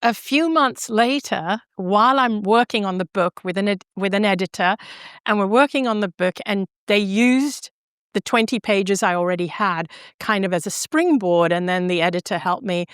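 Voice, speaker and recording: A middle-aged woman guest on a podcast, telling her story in an animated, expressive way and laughing easily. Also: mid-range voice, moderate pace, clear, resonant tone, no echo, clean studio sound. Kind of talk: storytelling in an interview.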